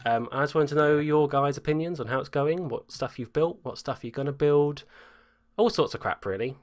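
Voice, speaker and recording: A man's voice: fairly high pitch, brisk. A man hosting a casual group podcast over a voice call, chatty and self-mocking. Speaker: podcast host.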